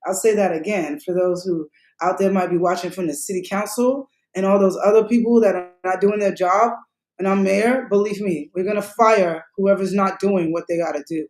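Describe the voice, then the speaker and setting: A woman running for mayor, talking passionately in a fast, rhythmic way on a podcast interview. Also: mid-range voice, fairly even intonation, a little mellow, roomy sound, poor audio. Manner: passionate, rapid, rhythmic talk. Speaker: mayoral candidate.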